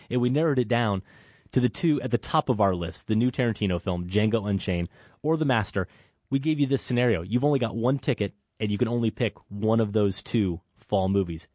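A lower-pitched man co-hosts a film podcast with a dry, wry manner. His voice sits close and dry on the mic, with no room sound around it. He talks casually and easily about films. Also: darkish tone, no room sound. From Eastern Iowa. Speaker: podcast co-host. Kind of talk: casual film-review chat.

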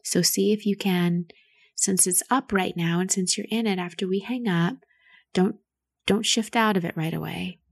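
A woman hosting a show and coaching a caller through grief in a soft, soothing, nurturing way. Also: mid-range voice, normal speed, gravelly, no room sound. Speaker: host giving advice to a caller. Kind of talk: gentle coaching on a call.

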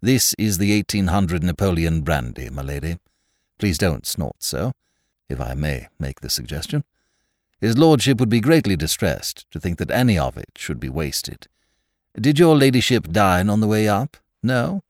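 A dignified manservant, calm and formal, every word measured and deferential, as a male reader voices him. The voice sits low and a little hushed, with close, dry sound. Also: dry recording. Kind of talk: audiobook character voice.

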